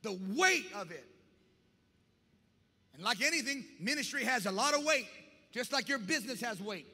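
A male pastor preaching a lively sermon to his church, often shouting and acting out scenes from the Bible. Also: very high-pitched, normal speed. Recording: reverberant church hall.

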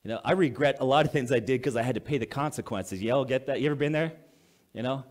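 A male pastor speaks fast in a mid-range voice as he gives a conversational sermon. After reading scripture aloud, he explains it plainly and asks the congregation questions.

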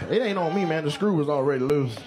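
A male stand-up comedian doing crowd work, loud and teasing, with sudden shouted outbursts. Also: on the high side, a little fast, heavy background noise. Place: comedy club stage. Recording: live club recording with crowd laughter. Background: audience laughing.

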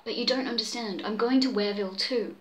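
A woman's voice: a little high, fast talker, a little hiss or hum, close to an everyday voice, rough recording. A woman reading the lines of a stubborn young woman in a pulp story read aloud at home. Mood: insistent.

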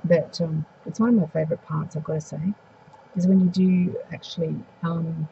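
Brief: Australian woman craft demonstrator, low gravelly voice, slightly hoarse, mumbles softly, dull lo-fi recording. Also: steady tone, normal speed, slight background noise. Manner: soft-spoken, mumbling, thinking aloud. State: hoarse after flu. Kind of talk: casual craft tutorial.

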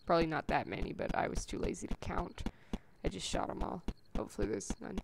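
A woman giving chatty let's-play commentary on a survival game, gasping at finds and breaking into squeaky sing-song calls. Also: fast, creaky, a little hiss or hum. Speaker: gameplay commentator.

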